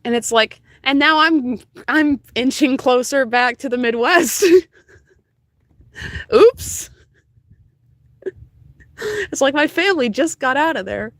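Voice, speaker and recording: A woman's voice: sits high, unhurried, pauses often, fairly bright tone. A young woman streaming while she crafts, rambling and joking with her chat and laughing often, at home. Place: at home, moving furniture.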